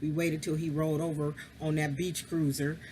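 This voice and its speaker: A woman's voice: sits low, little pitch movement, normal speed, a little mellow, a little hiss or hum. A woman casually telling a personal story, frank and candid, swearing freely and confiding straight to the listener.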